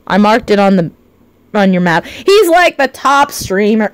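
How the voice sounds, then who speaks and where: A woman streamer chatting live over a game, excitable and shrieking, her voice often cracking. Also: sits high, a little slow, noisy background. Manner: excitable, shrieking, swearing at chat. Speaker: virtual streamer. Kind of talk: live gaming stream chat.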